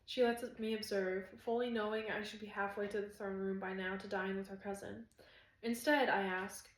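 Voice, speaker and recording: Woman narrator, first-person audiobook, earnest reading, mid-pitched voice, echoey room. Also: fairly even intonation, normal speed.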